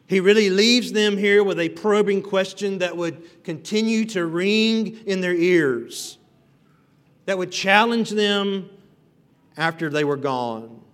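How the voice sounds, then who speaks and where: A man's voice: high-pitched, takes it slowly. A man preaching an expository sermon as pastor, earnest and building emphasis on repeated phrases. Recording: long reverb of a hall.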